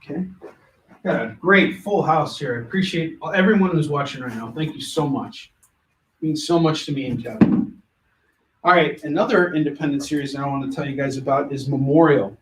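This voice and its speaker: A man hosting a live comic book sales show, pitching books with joking, rambling asides. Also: fairly quick, noisy background. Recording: echoey room.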